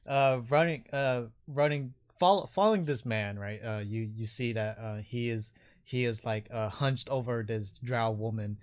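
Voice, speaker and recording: A man's voice: medium pitch, fairly even intonation, normal speed. Give me a male game master narrating casually with many fillers. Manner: hesitant, filler-heavy narration.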